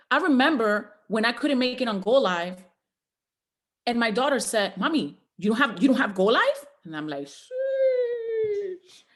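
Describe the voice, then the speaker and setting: Woman, high voice, very animated pitch, preacher-like exhorting, motivational trainer. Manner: preacher-like, exhorting, repetitive rallying lines. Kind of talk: motivational speech to a group call.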